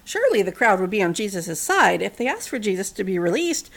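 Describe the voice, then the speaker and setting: A woman's voice: mid-range voice, sing-song, a little fast, creaky. A woman casually retelling a Bible story, mixing narration with chatty, wry asides and fillers.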